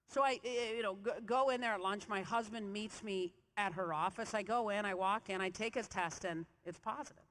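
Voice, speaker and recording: A woman giving a motivational keynote on a convention stage, telling lively stories and quizzing the audience. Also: mid-range voice, a little fast, few pauses. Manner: animated storyteller, quizzing the audience. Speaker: keynote speaker. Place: large convention hall stage. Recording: reverberant convention hall.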